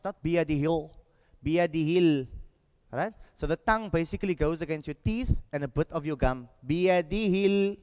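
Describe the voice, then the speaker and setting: A man teaching Quran memorisation, leading a group through slow, drawn-out recitation drills with clear instructions. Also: fairly high pitch, long reverb tail. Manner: instructive, repeats words slowly and drawn out.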